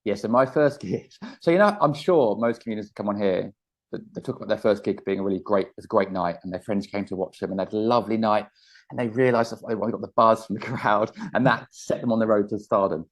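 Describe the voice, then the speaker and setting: A man, a comedian guest telling stories in a casual interview, animated and laughing often. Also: fairly low pitch, quick pace. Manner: animated storyteller, laughs often, acts out quotes.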